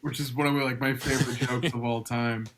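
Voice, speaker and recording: A man, a comedian guest on a podcast, talking in a laid-back, joking way with halting restarts. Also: mid-range voice, little pitch movement, a bit bright. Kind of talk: casual podcast chat.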